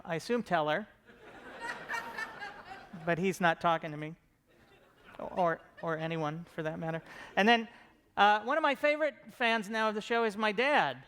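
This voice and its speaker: A man's voice: sits high, a bit bright, smooth. A middle-aged man giving a casual, joking conference talk about his comedy show, self-deprecating and full of fillers and restarts.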